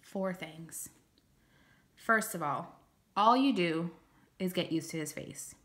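A woman's voice: fairly low pitch, slow, fairly bright tone. A woman narrating a first-person story aloud in a plain, conversational way. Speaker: audiobook reader.

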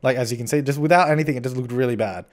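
A man's voice: medium pitch, rapid-fire. A young man giving a chatty, rambling voice-over commentary on a building game, often restarting his sentences and teasing himself. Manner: chatty, rambling, self-mocking, frequent restarts. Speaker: game channel host.

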